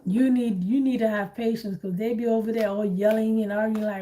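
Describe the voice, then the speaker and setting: High-voiced woman chatting bluntly. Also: a little fast, a little hiss or hum. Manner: animated, blunt, laughs often. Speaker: host. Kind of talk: casual chat.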